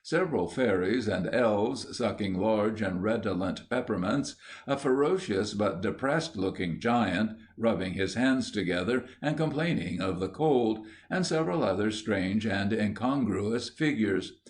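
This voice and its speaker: A man narrating a classic children's story with a lowish, steady voice. His reading is measured and unhurried. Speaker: audiobook narrator.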